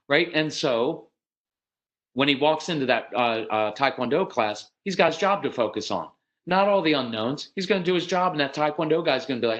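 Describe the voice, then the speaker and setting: A middle-aged American man giving a parenting workshop talk, direct and matter-of-fact, often slipping into quick acted voices of parents and kids. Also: fairly high pitch, animated, a bit bright, low-quality recording. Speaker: parenting speaker.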